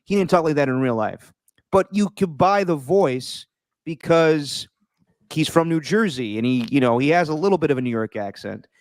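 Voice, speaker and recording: A man co-hosting a casual podcast chat, animated and mocking, tossing in quick impressions. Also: fairly high pitch, dry recording, clean studio sound. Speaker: podcast co-host.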